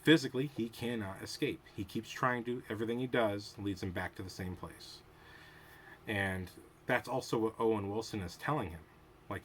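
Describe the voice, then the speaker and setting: A man's voice: fairly low pitch, normal speed, a bit bright, slight background noise. A man hosting his own show, giving casual analytical commentary on a TV episode, thinking aloud and wandering off on tangents. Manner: discursive, goes off on tangents, thinks aloud with restarts. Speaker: show host reviewing a TV episode.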